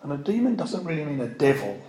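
Male preacher, conversational and wry, fairly high voice, recorded in an echoey room. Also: sing-song, quick pace, dark tone. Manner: conversational, wry asides, reads scripture aloud with emphasis. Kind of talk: sermon. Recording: echoey room, faint ambient noise.

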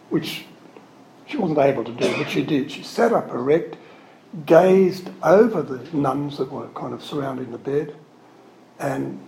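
A man's voice: mid-range voice, vocal fry, a little mellow, slight background noise. A man giving an anecdotal spiritual talk, wandering and correcting himself, earnest and openly emotional. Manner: rambling, digressive storytelling with frequent self-corrections; earnest, openly emotional about his subject. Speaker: Catholic religious speaker giving a spiritual talk. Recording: roomy echo with faint ambience.

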